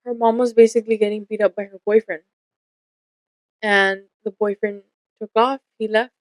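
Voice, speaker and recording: A woman's voice: mid-range voice, fairly even intonation, normal speed, no echo, low-quality recording. A young woman co-hosting a casual podcast, telling stories candidly and swearing freely, acting out the lines of the people in them. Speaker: podcast co-host.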